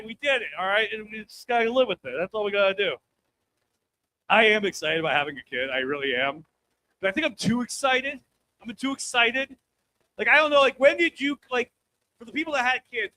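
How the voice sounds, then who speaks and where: A brash man in his thirties working a comedy club crowd into a live stand-up set on a handheld mic. His voice sits very high and cuts through sharp and bright. He keeps it loud and breaks into shouts to stir the room, with a faint hum behind him. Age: 30s.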